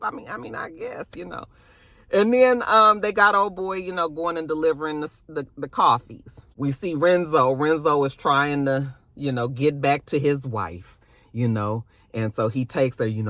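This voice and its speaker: A woman's voice: fairly low pitch, animated, moderate pace, a bit bright, dry recording. A woman recapping a TV episode in casual, profane, slangy chat, acting out the characters' lines with big jumps in voice. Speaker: TV recap vlogger.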